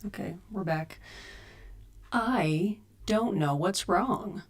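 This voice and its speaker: A woman's voice: mid-range voice, drawn-out words. A woman chatting casually with her viewers on a live stream from home, reading and answering chat and troubleshooting her audio. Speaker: cosplay streamer. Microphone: desk USB mic.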